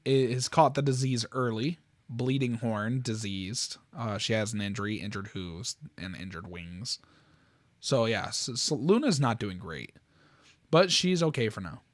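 Excitable man hosting a casual channel. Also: mid-range voice, dry recording. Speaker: YouTube host. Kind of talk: casual reaction commentary.

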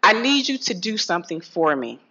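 A woman giving a lively health talk to an audience, swinging from low asides to loud calls. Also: normal speed. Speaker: health speaker addressing an audience. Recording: dull lo-fi sound.

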